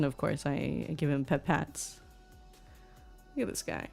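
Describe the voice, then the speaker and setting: A woman's voice: deep voice, lively intonation, normal speed, creaky, long pauses, a little mellow, faint music behind. A young woman VTuber chatting casually on stream, gushing and reading chat aloud.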